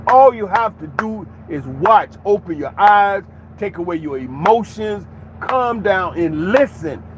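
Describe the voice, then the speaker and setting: A man's voice: sits high, animated, a little slow, dull audio, slight background noise. A man giving an opinionated commentary monologue in an emphatic, preachy way, with many rhetorical questions. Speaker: commentary channel host.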